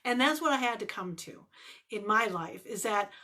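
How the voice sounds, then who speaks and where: Bright-voiced, earnest woman life coach. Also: mid-range voice, animated, normal speed. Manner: earnest, emphatic, repeats phrases for emphasis. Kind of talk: direct-to-camera vlog talk.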